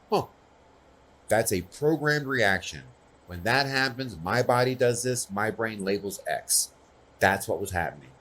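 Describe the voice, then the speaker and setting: A man's voice: on the low side, lively intonation, measured pace, a bit bright. A man speaking earnestly and personally at a conference, often checking in with the audience. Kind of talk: conversational conference talk.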